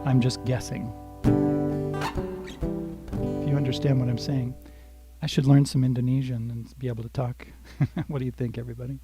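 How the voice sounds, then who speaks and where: An older man speaks in a medium-pitched, creaky voice that moves little in pitch and runs fast. He is a guitar teacher giving a live-streamed lesson, talking through chords and strum patterns, softly singing lines, and chatting with viewers by name. Guitar playing sits under his voice.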